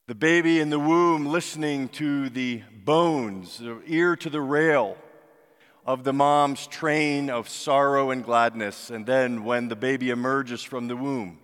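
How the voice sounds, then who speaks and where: A man preaching a sermon, slow and reflective, his voice dropping soft at the ends of phrases. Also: medium pitch. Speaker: pastor. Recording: long hall reverb.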